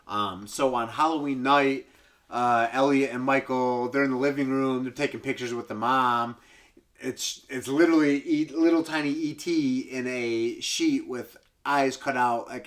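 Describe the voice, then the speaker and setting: A male comedian casually retells a film in a loose, profane style, breaking into high squealing impressions and sound effects.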